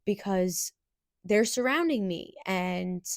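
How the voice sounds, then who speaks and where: A young woman hosting a podcast, telling a personal story in an earnest, halting way with restarts. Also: medium pitch, animated, no echo, studio quality. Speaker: podcast host.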